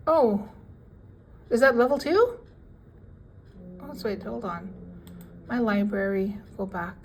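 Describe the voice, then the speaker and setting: A woman giving a casual language lesson, reading out word lists with their English meanings in a relaxed, chatty way. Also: medium pitch, takes it slowly, a little hiss or hum, low-quality recording. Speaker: language teacher.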